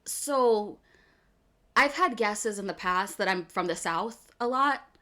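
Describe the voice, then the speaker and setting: A woman's voice: mid-range voice, slow pace. Chatty woman with a Philly accent. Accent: Philadelphia area. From US East Coast, outside Philadelphia. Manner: animated, chatty, laughs often, keeps saying "okay". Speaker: streamer. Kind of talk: casual chat with stream viewers.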